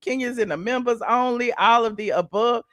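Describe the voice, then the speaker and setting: A woman's voice: a little high, normal speed, no echo. A woman hosting a casual celebrity gossip livestream, sassy and chatty, calling the audience honey and child, humming mm-hmm and laughing between points.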